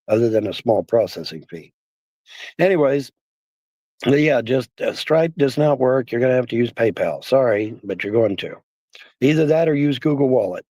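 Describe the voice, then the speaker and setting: A man's voice: mid-range voice, warm tone, dry recording. A man streaming casually, rambling and repeating himself with many fillers, his voice worn down by the cold. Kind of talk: casual livestream talk.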